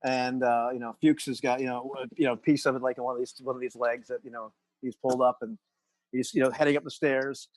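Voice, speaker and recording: A man's voice: medium pitch, level tone, quick pace, no echo, poor audio. A man running a tabletop game as game master, narrating in a rambling way with many restarts. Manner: rambling, full of restarts and "you know".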